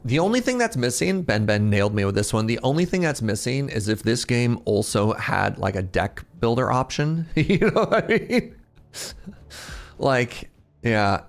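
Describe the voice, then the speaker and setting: Lively man in his thirties streaming. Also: medium pitch, moderate pace, creaky, faint music behind. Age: 30s. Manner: animated, laughs often, chats with viewers. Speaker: game streamer. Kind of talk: casual live-stream commentary.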